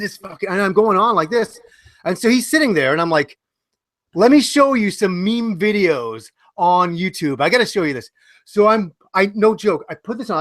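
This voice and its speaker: A man in his forties with a high-set voice and a dry, close sound, spinning a long profane story on a podcast. He acts out each person's lines as he goes. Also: no echo. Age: 40s. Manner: animated anecdote with acted-out quotes, profane. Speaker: podcast panelist. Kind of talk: casual storytelling.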